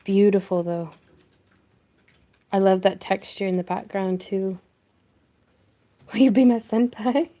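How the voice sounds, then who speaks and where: A woman's voice: medium pitch, unhurried, long pauses, mellow. A woman hosting a casual craft livestream, chatting to viewers in a gushing, effusive way and laughing often. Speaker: craft channel host.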